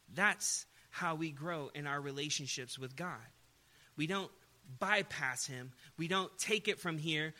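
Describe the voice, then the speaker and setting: Guy preaching a sermon, fairly high and super sharp bright voice, keeps throwing questions at the crowd. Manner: emphatic, asks the congregation rhetorical questions.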